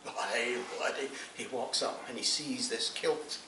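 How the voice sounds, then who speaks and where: A man's voice: medium pitch, unhurried. Man spinning a joke, roomy distant sound. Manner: animated storytelling. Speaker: party guest telling a joke. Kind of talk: joke telling. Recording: roomy, from a distance, faint noise.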